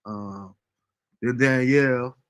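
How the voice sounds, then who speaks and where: A man hosting a casual livestream show, reading out viewer comments with a relaxed, chuckling manner. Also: mid-range voice, slow, clear, resonant tone. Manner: laid-back, chuckling often, fillers like um. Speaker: host.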